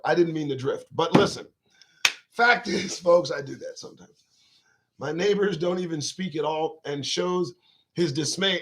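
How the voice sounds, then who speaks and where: A man's voice: a little high, a bit bright. A man hosting his own talk show, riffing in a casual live-stream monologue to viewers' chat, profane, rambling and emphatic.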